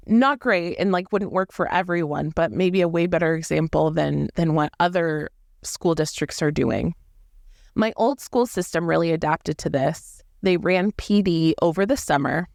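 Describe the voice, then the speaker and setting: A woman in her thirties hosting a casual solo podcast as a teacher, talking in a lively, emphatic way with playful asides. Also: fairly low pitch, no echo, studio quality.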